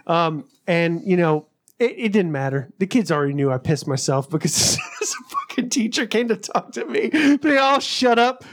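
High-voiced man telling a story. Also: moderate pace. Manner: profane, laughing, animated storyteller. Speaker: podcast co-host. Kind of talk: casual podcast storytelling.

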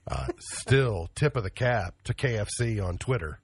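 A man hosts a morning show with a husky, slightly breathy voice. He keeps the banter casual and jokes about himself. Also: lowish voice, expressive, measured pace. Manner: joking, self-mocking, laughs at his own lines. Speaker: radio morning show host.

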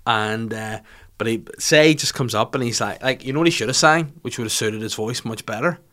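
A man's voice: medium pitch, fairly quick, fairly bright tone. A young man hosting a comedy podcast, chatting in a rambling, sweary, mocking way. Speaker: podcast host. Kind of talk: casual comedic podcast chat.

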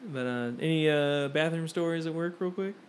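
A young man co-hosting a podcast, telling stories in a casual, animated way and acting out what people said. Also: a little high, normal speed, a little hiss or hum. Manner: animated storytelling, acts out quotes. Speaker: podcast co-host.

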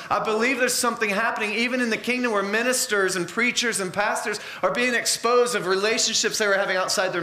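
A man's voice: high-pitched, pushed and bright, reverberant. A man preaching a sermon in an earnest, conversational way, mixing in personal stories.

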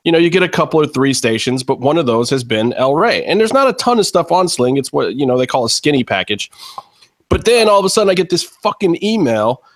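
A man's voice: on the high side, fairly quick. A man hosting a podcast, ranting casually and cursing about a streaming package. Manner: ranting, profane, animated. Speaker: podcast host.

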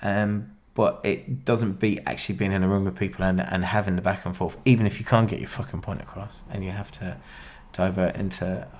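A man with a low voice hosts a podcast in loose, casual chat. He rambles and swears freely as he talks things over with his co-host. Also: steady tone, brisk, few pauses, a little mellow.

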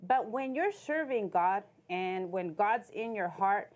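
A woman's voice: medium pitch, expressive, slow pace, darkish tone, highs cut off. A woman giving faith-based marriage advice in casual conversation, chatty and laughing between thoughts.

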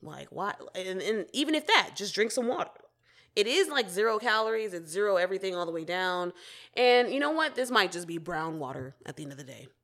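A woman's voice: medium pitch, animated, a little fast, a bit bright. A young woman hosting her own podcast, talking candidly and casually, with frequent swearing. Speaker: podcast host. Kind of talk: casual solo podcast talk.

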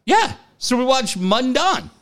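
A middle-aged man, co-hosting a sports talk show and telling stories in an excitable, profane way. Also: very high-pitched, a little slow. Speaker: sports radio co-host. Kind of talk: casual chat.

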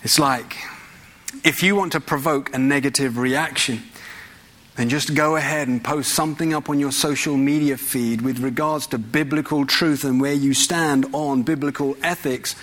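A man preaches a sermon in church in a conversational style, packed with rhetorical questions. His mid-range voice has fairly even intonation and a fairly bright tone at a normal speed.

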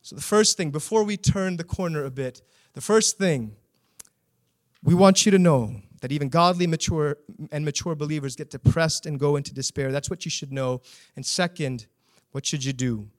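A man's voice: a little high, moderate pace. A pastor preaching a sermon, earnestly putting rhetorical questions to his congregation.

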